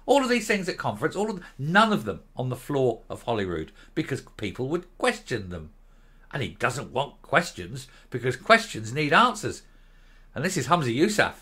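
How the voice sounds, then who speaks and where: A man's voice: mid-range voice, big pitch swings, normal speed, pushed and bright, husky. A middle-aged man hosting a political commentary show, ranting in a sarcastic, mocking, scornful way.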